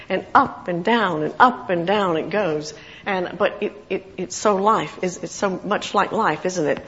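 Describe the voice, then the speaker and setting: A woman's voice: on the low side, moderate pace, muffled recording. Woman preaching in an echoey hall. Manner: expressive, reads scripture with rising emotion. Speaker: lay preacher. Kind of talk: informal sermon.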